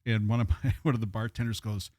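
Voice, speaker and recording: A man's voice: on the low side, little pitch movement, fast, darkish tone, no echo, studio quality. A man co-hosting a podcast, telling bar stories in a rambling casual way with many fillers. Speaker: podcast co-host. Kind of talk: casual chat.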